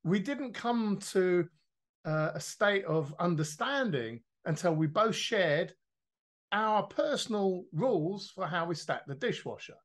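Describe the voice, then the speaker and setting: A man, a podcast guest explaining his ideas in a lively, casual way, acting out quoted voices and swearing now and then. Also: sits high, measured pace. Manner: animated, swears freely, acts out quoted voices.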